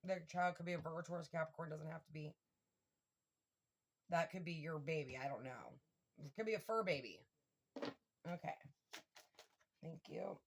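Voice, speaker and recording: Woman, tarot reader, casual and excitable, curses a lot, talks right at the viewers. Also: low-pitched, normal speed, pauses often. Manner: excitable, swears freely, addresses viewers directly. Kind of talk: casual tarot reading to camera.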